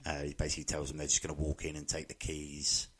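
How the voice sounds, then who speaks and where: A man's voice: a bass voice, fast talker, husky. A man in a casual chat, recapping a film and quoting its lines. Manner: relaxed, laughing, quotes film lines.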